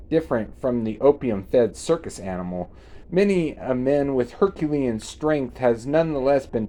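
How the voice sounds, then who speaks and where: A man voicing a powerful older monk who is calm, jovial and given to lecturing, in a read-aloud story. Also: medium pitch.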